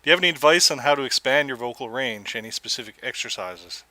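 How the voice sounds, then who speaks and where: A man hosting a livestream over a video call, quickly reading out a viewer's question. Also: medium pitch, expressive, sharp tone.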